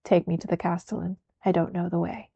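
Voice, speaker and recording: A woman voicing a calm, terse male witcher in a soft whispered role-play reading. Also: lowish voice, fairly quick, gravelly, slightly rough, no room sound, highs cut off. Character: calm white-haired male witcher, terse monster slayer.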